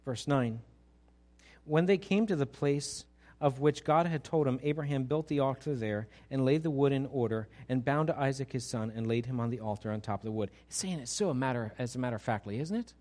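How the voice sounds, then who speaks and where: A middle-aged man preaching a sermon as pastor, animated and full of rhetorical questions to his congregation. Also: mid-range voice, a little fast.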